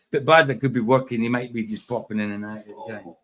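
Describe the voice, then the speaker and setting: A man's voice: medium pitch, moderate pace, a bit bright. Chatty male livestream host. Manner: chatty, rambling, laughs often. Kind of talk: casual chat while reacting to a video.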